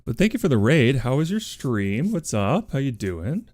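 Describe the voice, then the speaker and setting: Playful swearing male streamer, lively voice. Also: mid-range voice, normal speed, no echo, clean studio sound. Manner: playful, swears casually, coos at pets. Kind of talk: casual livestream chat.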